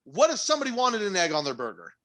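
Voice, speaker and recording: High-voiced and fast-talking, a man on a podcast he co-hosts recounts a work situation that drove him up the wall. He swears a lot and sounds animated and exasperated, his disbelief pushing his voice up toward near-shouts.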